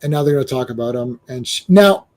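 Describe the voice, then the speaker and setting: A man hosting a casual comic book discussion, animated, with stammering restarts and acted-out quotes. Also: mid-range voice, fast talker. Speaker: comic book show host.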